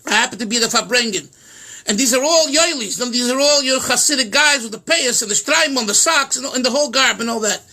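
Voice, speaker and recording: A middle-aged rabbi giving an informal class, animated and repeating words, mixing in Yiddish and Hebrew terms. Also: male voice, extremely high pitch, fast talker. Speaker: rabbi teaching Chasidus.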